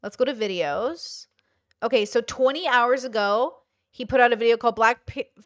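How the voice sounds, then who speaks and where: A woman hosting her channel, chatting casually as she reacts to videos and reads out view counts with excited exclamations. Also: on the high side, moderate pace.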